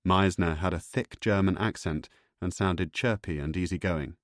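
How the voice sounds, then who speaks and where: A man reading an audiobook thriller in a measured, even storytelling voice. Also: sits low, dry recording, studio quality. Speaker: audiobook narrator. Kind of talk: scripted narration.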